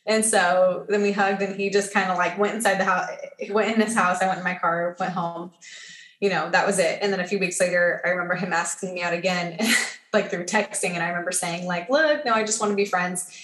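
As a podcast guest, a chatty woman tells a story in an animated, filler-heavy way, acting out the quoted dialogue. Her voice is fairly low and a little fast, with a roomy echo around it.

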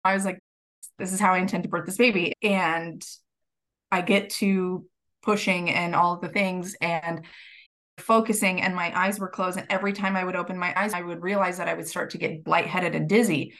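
A woman guest on a podcast, telling her story in a lively, laughing way and acting out what people said. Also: on the low side, moderate pace. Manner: animated, laughs while telling, acts out quotes. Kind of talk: casual storytelling.

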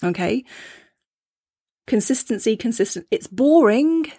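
A woman's voice: fairly high pitch, expressive, a little slow, warm tone, husky, dry recording, clean studio sound. Upbeat woman podcast host. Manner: upbeat, acts out her inner voice with playful exclamations. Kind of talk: solo motivational talk.

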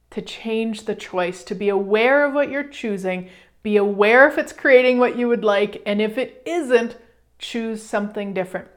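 On her radio program, a woman with a mid-range voice talks at normal speed, delivering casual motivation in an animated manner. She plays out small quoted conversations and swears every so often.

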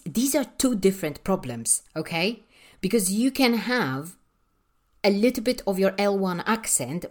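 A woman with a Polish accent, an English teacher trainer, ranting passionately on a solo podcast with emphatic rhetorical questions. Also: mid-range voice. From Poland.

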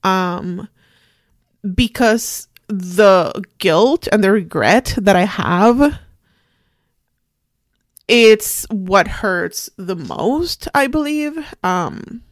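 Woman in her forties, podcast host, somber, halting, mid-pitched voice, dry close sound. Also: expressive, no room sound. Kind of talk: personal storytelling monologue.

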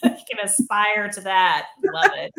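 A woman's voice: mid-range voice, a little slow, sharp tone, roomy sound. A woman hosting a podcast, upbeat and affirming, chatting casually and laughing along with her guest. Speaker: podcast host. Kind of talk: casual interview chat.

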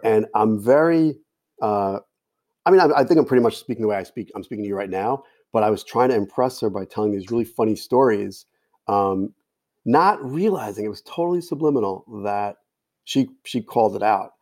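A man's voice: lowish voice, darkish tone, dry recording. A man telling a long personal story in casual talk, quoting others in his own voice. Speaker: podcast guest, storyteller.

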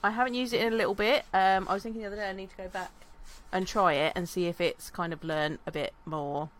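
A woman co-hosting a podcast, talking in an easygoing, relaxed way with some fillers. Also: mid-range voice, fast talker, poor audio. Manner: relaxed, easygoing, brief agreeing replies. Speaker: podcast co-host. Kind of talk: casual chat.

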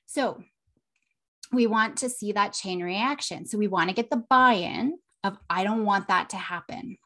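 A woman's voice: mid-range voice, a bit bright. A woman hosting an educational podcast, teaching parents emotion skills and acting out children's lines, often asking "right?". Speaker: podcast host and child therapist.

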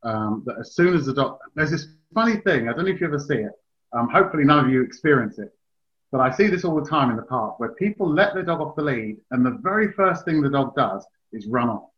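A man's voice: mid-range voice, lively intonation, fast talker. A man hosting a casual chat, a dog trainer who explains his advice at length in a chatty way. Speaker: dog trainer, podcast host. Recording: slightly dull, lo-fi sound.

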